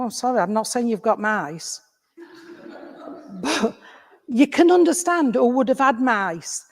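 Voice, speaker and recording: An English woman works as a medium, talking to one listener in a friendly, informal way and calling her sweetheart and darling. Her voice is mid-pitched. It rings out with a long reverb in a village hall. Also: a little mellow. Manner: chatty, affectionate, calls listener sweetheart and darling. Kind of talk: mediumship demonstration addressing an audience member.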